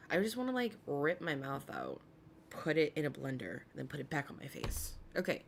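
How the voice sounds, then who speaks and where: A woman's voice: low voice, sing-song, normal speed, creaky, a little hiss or hum. A woman hosting a casual commentary stream, chatty and swearing freely as she greets her chat by name.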